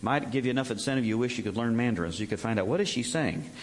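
A man's voice: mid-range voice, very fast. A male preacher giving a conversational Bible teaching and telling the story with animation, acting out the quotes.

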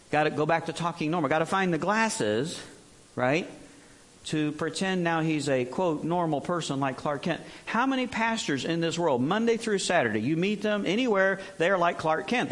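A middle-aged man preaching in a relaxed, conversational way, his voice sitting a bit high. He cracks jokes and now and then bursts into exaggerated, mocking impressions of other preachers. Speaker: pastor. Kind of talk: sermon.

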